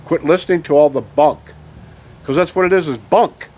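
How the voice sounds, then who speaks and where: His slightly high, somewhat mellow voice moves at a normal speed as he rants angrily at the camera. This vlogger is emphatic and heated, repeatedly asking "okay?"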